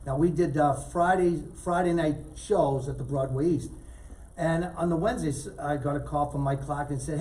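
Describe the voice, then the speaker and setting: A man telling animated stories as a guest in a casual talk show chat, acting out the people he quotes. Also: a little high, moderate pace, far from the mic, poor audio. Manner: animated storyteller, acts out quotes loudly. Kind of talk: storytelling chat.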